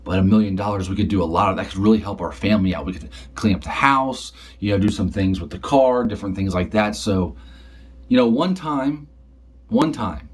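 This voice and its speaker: A man voicing a middle-aged mother who talks in a low, musing way. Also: fairly quick, slightly rough.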